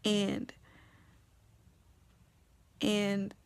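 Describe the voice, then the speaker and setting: A young woman telling her personal faith testimony, swinging between hushed whispers and loud emotional outbursts. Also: mid-range voice, completely flat delivery, very slow, vocal fry, clean tone.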